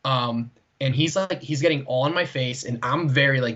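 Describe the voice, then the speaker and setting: A man's voice: mid-range voice, fairly quick, few pauses, a bit bright. A man co-hosting a podcast, telling a story in casual chat and rambling with lots of "like" and "right?". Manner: rambling, heavy use of "like" and "right?". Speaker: podcast co-host. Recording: dull lo-fi sound.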